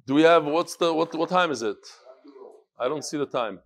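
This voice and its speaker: Animated man reading emails aloud. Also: a little high, normal speed. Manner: animated, joking, reads emails aloud with asides. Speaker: podcast host reading listener emails. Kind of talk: casual chat.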